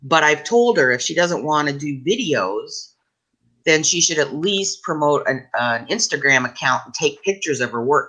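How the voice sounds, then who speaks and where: A chatty woman hosting a live stream, her accent sliding between Southern US and Canadian. Her tone is bright and crisp, and she talks in an easy, encouraging way with quick laughs. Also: low-pitched, expressive, poor audio. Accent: mix of Southern US and Canadian. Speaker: livestream host. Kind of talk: casual live-stream chat.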